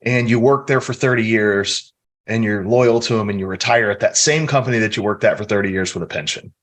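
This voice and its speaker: Low-voiced middle-aged man telling stories. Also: a little fast, a bit bright. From American Midwest. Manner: earnest, storytelling, reflective. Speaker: podcast guest. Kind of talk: casual podcast interview.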